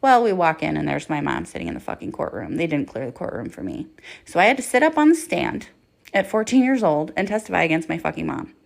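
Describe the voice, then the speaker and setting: A woman's voice: sits low, big pitch swings, fast, gravelly. A woman hosting a podcast, telling her own story in a raw, blunt way with heavy swearing and lots of fillers. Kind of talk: candid personal storytelling.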